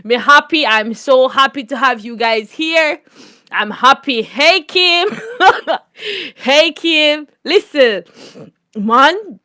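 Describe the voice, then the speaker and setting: High-voiced Jamaican woman telling stories. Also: takes it slowly, dry recording, studio quality. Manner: laughs often, animated, repeats catchphrases. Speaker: channel host. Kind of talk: casual storytime livestream chat.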